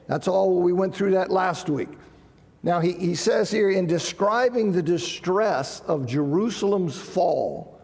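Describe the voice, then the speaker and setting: Male Bible teacher, high and gravelly, chatty and emphatic, recorded in a reverberant church hall. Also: a little mellow. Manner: conversational, checks in with 'okay', reads scripture quotes with rising emphasis. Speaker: preacher teaching a Bible class. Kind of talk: sermon-style Bible teaching.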